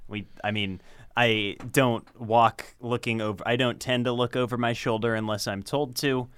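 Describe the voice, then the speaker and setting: A man's voice: medium pitch, fairly even intonation, moderate pace, fairly bright tone, clean tone. A man playing his character in a tabletop role-playing game, matter-of-fact and defensive. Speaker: player.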